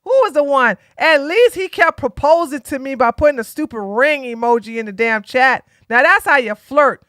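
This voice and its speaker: A woman's voice: high-pitched, moderate pace, a bit bright, no echo, clean studio sound. A tired woman from Georgia, hosting a casual political live stream and talking bluntly to her chat. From Georgia, USA. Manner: blunt, sassy, talks straight to chat.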